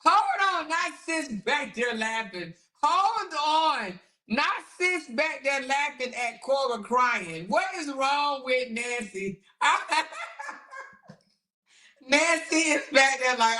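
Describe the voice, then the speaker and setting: A woman's voice: high-pitched, takes it slowly. Sassy woman reacting in an echoey room. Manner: sassy, amused, animated. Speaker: commentary host. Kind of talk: reaction commentary.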